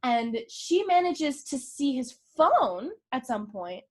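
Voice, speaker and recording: Animated high-voiced woman podcaster. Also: slow. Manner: animated, profane, acts out movie scenes. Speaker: podcast co-host. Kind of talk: casual podcast chat.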